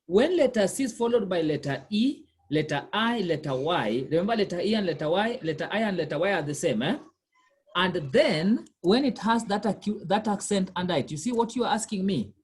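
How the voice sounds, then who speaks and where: An animated woman speaks fairly quickly in a mid-range voice that is husky and a little mellow. She's tutoring a language learner one-on-one, explaining as she goes and patiently repeating and quizzing.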